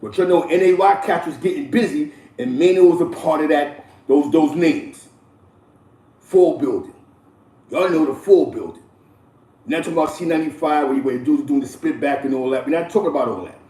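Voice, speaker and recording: A man's voice: a little high, fairly quick, far from the mic. New man, echoey off-mic street talk. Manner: loose, repetitive slang-heavy delivery with frequent shout-outs. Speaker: host. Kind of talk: casual street storytelling commentary. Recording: echoey room, voice a bit off-mic.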